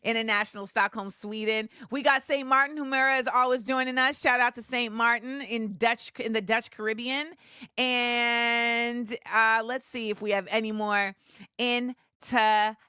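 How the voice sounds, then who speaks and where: A woman hosting a live show, chatting casually with viewers and shouting them out with bursts of excitement. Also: fairly high pitch, moderate pace, smooth, no echo, studio quality. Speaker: livestream show host.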